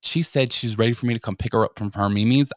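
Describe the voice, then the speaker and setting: Fast and medium-pitched, this man is heard in clean studio sound with no echo. He's telling a funny story in a casual chat, swearing and vividly playing out everyone's lines.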